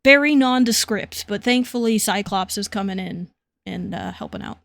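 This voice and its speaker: A woman co-hosting a podcast, casually recapping comic book plots with relaxed narration and light laughs. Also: medium pitch, moderate pace, vocal fry, no echo. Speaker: podcast co-host.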